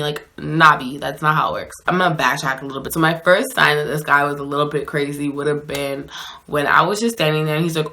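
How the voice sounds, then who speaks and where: A woman with a low but bright, forward voice tells a dating story straight to camera. She talks loosely and casually, full of slang and "like", in a chatty storytime style. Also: steady tone, fast talker. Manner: chatty, slangy, lots of "like" and "so anyways". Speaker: vlogger telling a dating story.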